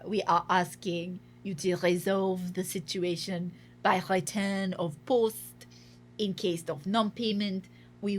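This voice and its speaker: A woman voicing a stuffy male French head of accountancy with a put-on French accent, reading a formal dunning letter slowly. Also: medium pitch, slight background noise, natural voice.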